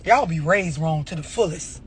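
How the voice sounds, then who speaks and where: A man's voice: a little high, normal speed, a little hiss or hum. A man giving a blunt, profane motivational rant about overreacting, full of rhetorical questions. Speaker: motivational speaker.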